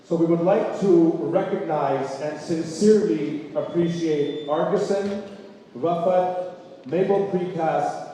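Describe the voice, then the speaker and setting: A man's voice: on the high side, slow, warm tone, a little hiss or hum. A man from Canada hosting a gala, chatty and self-deprecating, with many asides. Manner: chatty, self-deprecating, frequent "you know". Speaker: gala emcee. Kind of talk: event hosting with personal anecdotes. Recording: echoey banquet hall, distant mic.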